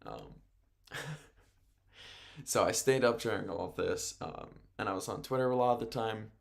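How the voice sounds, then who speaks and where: A man's voice: lowish voice, measured pace, gravelly. A man who hosts radio and calls play-by-play, chatting loosely through a recap, rambling, chuckling often and correcting himself. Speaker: radio host and play-by-play announcer. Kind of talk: casual sports talk recap.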